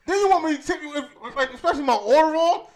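A man co-hosting a podcast, chatting casually and ranting loudly with jokes. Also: very high-pitched, animated, quick pace. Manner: loud, joking, ranting. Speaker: podcast co-host. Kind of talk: casual group chat.

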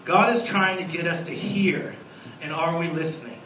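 Guy preaching in a church, high bright voice, echoey room picked up from a ways off. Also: moderate pace, far from the mic. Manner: animated, acts out scenes with a raised voice. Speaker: guest pastor. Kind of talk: sermon. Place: church sanctuary.

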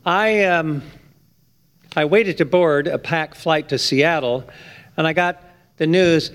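Gravelly high-voiced male preacher. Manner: emphatic, rising to high-pitched stress on key points. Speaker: pastor. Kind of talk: sermon.

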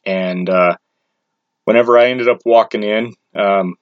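A man with a fairly low voice tells a story about his own life in a loose, rambling way, dropping crude slang and restarting his sentences. The recording is dull and lo-fi, with a dry sound and no room echo. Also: fairly even intonation, unhurried. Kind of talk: casual personal storytelling.

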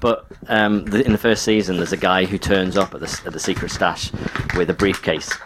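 Low-voiced guy rambling on a podcast, bit of hiss. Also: steady tone, a little fast. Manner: rambling, chatty, self-deprecating. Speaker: podcast co-host. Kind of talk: casual banter.

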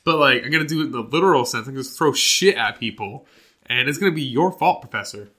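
A young man co-hosting a podcast, telling animated, rambling stories in casual chat and laughing often. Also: mid-range voice, quick pace. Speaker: podcast co-host.

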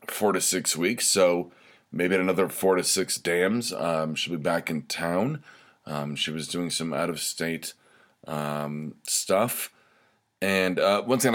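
Low-voiced rambling man podcasting. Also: fairly bright tone. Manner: rambling and self-deprecating, many fillers and restarts. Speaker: podcast host. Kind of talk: casual solo podcast monologue.

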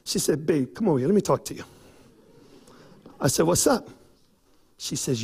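A man preaching a sermon, telling a personal story with acted-out quotes and rising to shouts. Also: on the high side, big pitch swings, moderate pace, gravelly, long pauses, some chatter behind. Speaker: pastor. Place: church.

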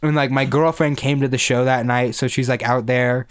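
A man's voice: medium pitch, fairly even intonation, moderate pace, clean tone. Young man rambling through a wild story. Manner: rambling, swears a lot, laughs through his story. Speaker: podcast co-host. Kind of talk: casual storytelling chat.

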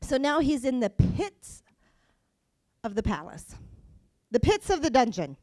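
High-voiced woman preaching a sermon. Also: unhurried, dry recording, studio quality. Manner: animated, acts out voices, swings between soft and loud.

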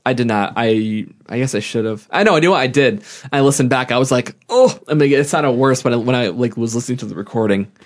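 With a medium-pitched voice, this young podcast co-host talks fast and barely pauses. He rambles through casual conversation, laughing often and filling it with restarts and fillers.

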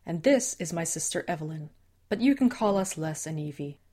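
A woman's voice: deep voice, expressive, fairly quick, a little mellow, slightly rough. A woman voicing a friendly, teasing young male coyote shapeshifter in an audiobook, cheerful and reassuring. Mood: explaining.

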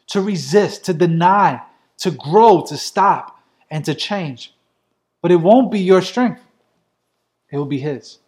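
Earnest high-voiced male preacher. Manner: earnest, building emphatic lists of short phrases. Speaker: pastor. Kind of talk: sermon.

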